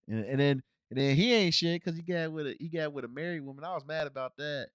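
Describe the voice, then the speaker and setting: At a normal speed and with a clean tone, a man from Cincinnati, US, hosts a casual solo podcast reviewing films. He rambles, restarting often and using fillers, with animated pitch changes. The recording is dry and studio quality.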